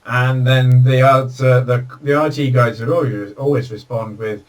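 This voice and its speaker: A man's voice: medium pitch, fairly even intonation, moderate pace, few pauses. A man hosting a casual video call chat, telling jokey stories. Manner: chatty storyteller, jokey. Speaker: host. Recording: distant video call audio.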